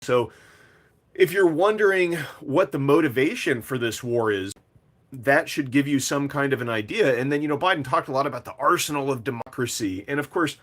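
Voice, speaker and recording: A man talks straight to his audience as host of a commentary video, at an ordinary middle pitch. His delivery is loose and conversational, full of filler words. It sounds like off-the-cuff commentary rather than a script. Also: moderate pace, a bit bright. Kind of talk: casual commentary monologue.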